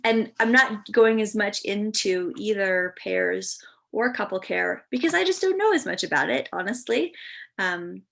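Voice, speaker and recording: A woman's voice: medium pitch, creaky, fairly bright tone. A woman instructor giving a recorded lecture in a chatty way, with many ums and restarts.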